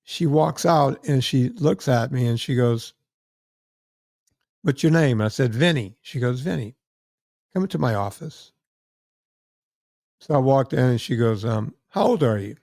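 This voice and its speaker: A middle-aged man hosting a podcast, telling a lively story and acting out the other people's lines. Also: medium pitch, a little slow, dry recording, studio quality. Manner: animated storyteller acting out quoted voices. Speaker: podcast host. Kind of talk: casual storytelling chat.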